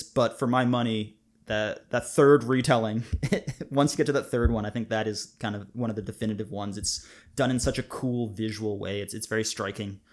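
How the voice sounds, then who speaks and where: An enthusiastic man co-hosts a podcast in a loose, chatty way. He speaks at an everyday middle pitch and laughs easily between his thoughts. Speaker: podcast co-host. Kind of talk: casual chat.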